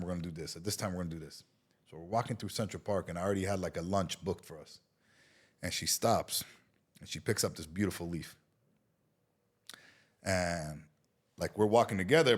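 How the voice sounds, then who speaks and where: Guest, middle-aged man from Israel, deep voice, animated, swears freely, acts out the voices in his story. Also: brisk, long pauses, breathy edge. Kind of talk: casual storytelling interview.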